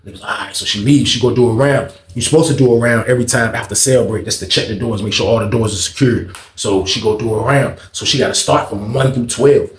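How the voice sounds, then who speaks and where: A man telling a prison story in casual, animated slang full of swearing. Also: medium pitch, quick pace, few pauses, echoey room, a little hiss or hum.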